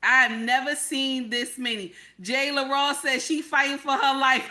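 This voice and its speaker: A high-voiced woman rants through a casual reaction video. She keeps repeating lines and firing off rhetorical questions. Her voice has a bright, forward edge. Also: fairly even intonation, moderate pace, few pauses. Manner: repetitive, exclaiming, rhetorical questions. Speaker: commentary vlogger.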